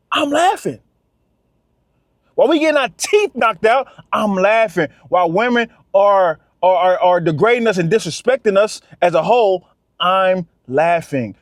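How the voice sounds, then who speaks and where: A man delivers a fired-up monologue to camera. His voice sits high for a man, and he hammers his points home again and again, calling out to his listeners as fellas. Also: no echo, clean studio sound. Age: 30s. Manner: preachy, repetitive, talks straight to "fellas". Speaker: vlogger.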